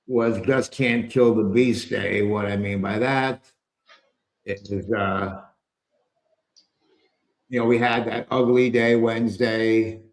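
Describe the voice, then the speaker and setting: A man hosts a live market commentary stream, talking in a slow, gravelly voice that sits fairly low. He wanders through wry asides and mild cursing as he goes. The sound is roomy and echoey. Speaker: trading show host. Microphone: earpiece with a microphone.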